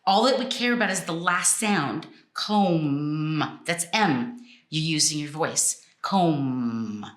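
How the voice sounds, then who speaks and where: A woman teaching phonics in a casual way, slowly sounding out word endings. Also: on the low side, expressive, fairly bright tone, roomy sound. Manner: slow and deliberate, sounding out words. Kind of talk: casual explanatory lesson.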